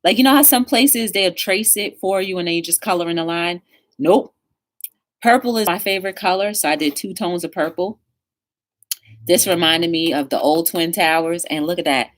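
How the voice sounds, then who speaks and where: A woman's voice: lowish voice, moderate pace. A woman hosting a live-stream talk show, telling stories with energy and greeting viewers in the chat by name. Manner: upbeat, encouraging.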